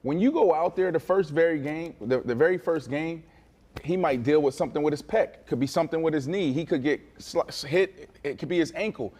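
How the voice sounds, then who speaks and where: A man co-hosting a casual sports talk show, animated and boastful, telling stories with lots of restarts. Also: on the high side, a little fast. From Florida. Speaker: co-host.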